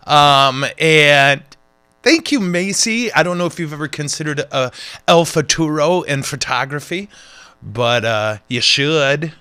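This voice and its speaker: A man, a priest hosting a casual show, who jokes and rambles in an animated way. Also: on the high side, unhurried, clear, resonant tone, no room sound. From United States. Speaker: priest and podcast host. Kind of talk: casual chat.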